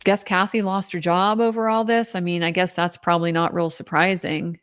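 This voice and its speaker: A woman's voice: lowish voice, flat delivery, moderate pace, clear, resonant tone. A young woman commenting on a trial in a casual recap, incredulous and emphatic, reading out quotes as she goes. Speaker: legal commentator.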